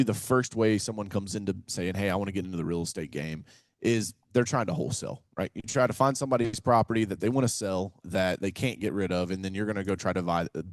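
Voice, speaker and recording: Man from Kentucky, energetic, folksy, animated storyteller, dry close sound. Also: low voice, no echo. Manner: energetic, animated storyteller who acts out phone calls; folksy, says "man" and "right?" often. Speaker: guest, real estate investor and author. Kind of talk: casual podcast interview.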